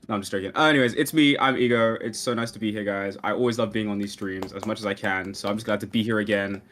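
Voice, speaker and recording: A man's voice: on the low side, steady tone, fast talker, hardly any pauses, a bit bright, soft background music. A young man playing in a tabletop game, joking and self-mocking in casual banter. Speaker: player. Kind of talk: casual chat on a stream.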